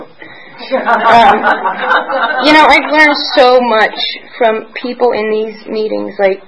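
A woman in her forties from Pennsylvania sharing her personal story at a recovery meeting, rambling and candid, emotional at times, with soft laughs. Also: on the high side, fairly even intonation, slow pace, long pauses, a crowd in the background, low-quality recording. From Pennsylvania, United States. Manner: emotional and searching.

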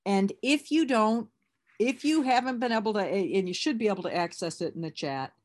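A woman's voice: mid-range voice, moderate pace. A woman leading an online recovery workshop, talking candidly and conversationally with many restarts.

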